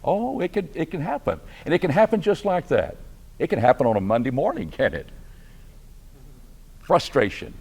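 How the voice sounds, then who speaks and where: A man's voice: on the high side, big pitch swings, normal speed, long pauses, darkish tone, husky. A man with a Texan accent teaching a church Bible class, conversational and asking his listeners questions. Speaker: preacher.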